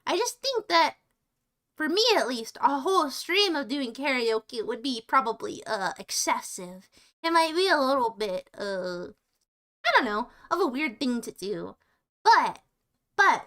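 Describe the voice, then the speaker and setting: High, bright, rambling woman streamer. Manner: rambling, stops and restarts, playful. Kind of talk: casual livestream chat.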